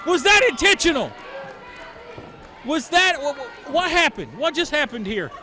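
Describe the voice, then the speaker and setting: A man calling a wrestling match as play-by-play commentator, often shouting and exclaiming as the action unfolds. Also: very high-pitched, sing-song, a little slow, soft background music. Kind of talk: excited live play-by-play commentary.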